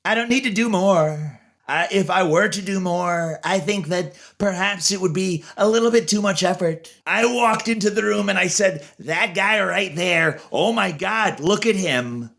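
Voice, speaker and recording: A man putting on the voice of a boastful, blustering older man who brags in repetitive, drawn-out phrases, pitched well above his own voice. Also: creaky, a bit bright, full character voice. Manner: repetitive bragging, drawn-out emphasis.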